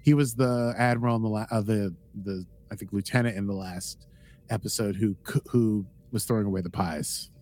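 A man's voice: lowish voice, fairly even intonation, moderate pace, a little mellow, soft background music. A man co-hosting a podcast in casual chat, rambling and playful with many fillers. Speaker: podcast co-host.

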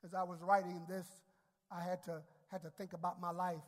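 A male pastor preaching a sermon, repeating words and rising to shouted climaxes. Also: high voice, little pitch movement, a little fast. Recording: long hall reverb.

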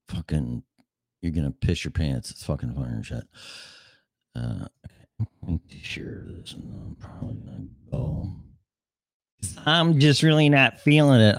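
A man's voice: fairly low pitch, no room sound. Male solo podcast host, dry close sound, scattered and self-mocking, swears freely. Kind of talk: casual rambling solo show.

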